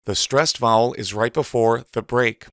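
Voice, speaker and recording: A man giving a measured, precise instructional voice-over as a teacher. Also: mid-range voice, steady tone, fairly bright tone, no echo, clean studio sound. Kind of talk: scripted instructional narration.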